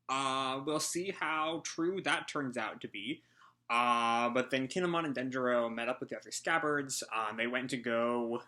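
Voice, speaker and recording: A man's voice: medium pitch, bright, forceful tone. A man hosting a casual live reaction, out of breath and rambling through a hesitant recap. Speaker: manga reaction host.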